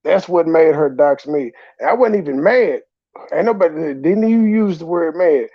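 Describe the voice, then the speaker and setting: Give me a high-voiced man doing blunt, mocking reaction commentary, with a gravelly edge. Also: lively intonation, moderate pace, dry recording, dull audio. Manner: blunt, mocking, mimics others. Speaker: commentary channel host.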